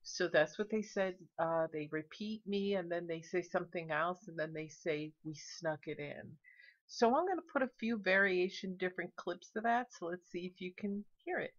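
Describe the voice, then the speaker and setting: A woman's voice: on the low side, normal speed, hardly any pauses, highs cut off. A woman vlogger narrating casually, chatty and explaining each step. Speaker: paranormal vlogger.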